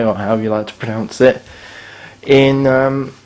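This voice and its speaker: A man's voice: mid-range voice, slow, long pauses, darkish tone. A man, filming a casual spoken review of his hotel room and grumbling bluntly about its faults.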